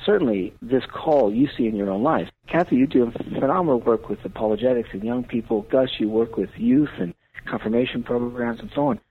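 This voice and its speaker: A man's voice: medium pitch, sing-song, a little fast, creaky, slight background noise. A man, a priest, talking earnestly on a radio talk show with a preaching cadence. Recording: tinny phone-line radio audio.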